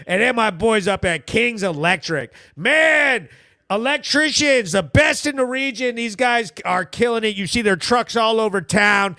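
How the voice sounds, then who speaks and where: A man hosting a local news recap show in loud, slangy, profane casual commentary with sponsor shout-outs. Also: extremely high pitch, gravelly, no echo, studio quality. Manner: hyped, profane, slangy, emphatic.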